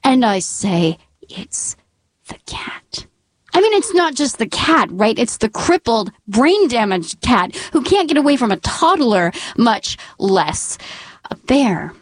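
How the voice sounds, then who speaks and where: Woman storyteller, unhurried, deadpan and wry, dry close sound. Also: a little high, no room sound. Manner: wry, deadpan humor, dramatic whispers. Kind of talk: live personal storytelling.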